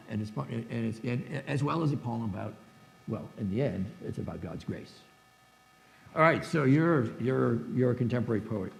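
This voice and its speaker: A man in his seventies giving a church forum lecture, halting with many restarts and reading verse aloud. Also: mid-range voice, gravelly, darkish tone, echoey room, a little hiss or hum, rough recording. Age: 70s. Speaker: guest lecturer. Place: church hall, echoey.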